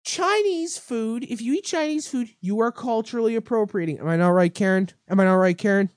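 A woman's voice: on the high side, a little fast, darkish tone, no echo, clean studio sound. A young woman hosting a mock talk-radio show, ranting in fake outrage and swearing.

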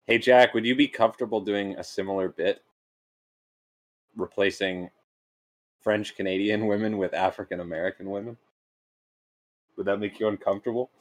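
Low-voiced man tossing dry quips. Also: fairly even intonation, normal speed, long pauses, dry recording. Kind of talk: crude comedic podcast banter.

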